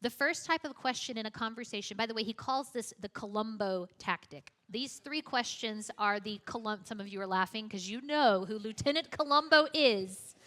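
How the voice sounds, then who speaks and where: A young woman with a fairly high, slightly bright voice teaches youth apologetics. Her talk is conversational and chatty, full of self-deprecating humor and casual asides.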